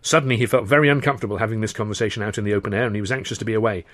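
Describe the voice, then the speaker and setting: A man's voice: lowish voice, fairly even intonation, racing, a bit bright. A man reading his own first-person novel aloud as narrator, in a dry, wry storytelling manner. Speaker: author and narrator.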